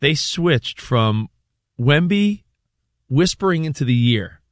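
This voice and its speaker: A man co-hosting a sports talk radio show, telling stories in a rambling, animated way. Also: a little high, slow pace, dry recording. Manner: rambling, animated storytelling with restarts.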